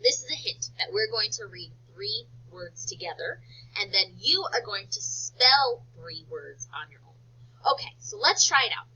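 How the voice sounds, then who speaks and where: A woman teacher giving a phonics lesson to young children, talking slowly in an exaggerated, sing-song way. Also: mid-range voice, lively intonation, sharp tone, slightly rough. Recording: dull lo-fi recording.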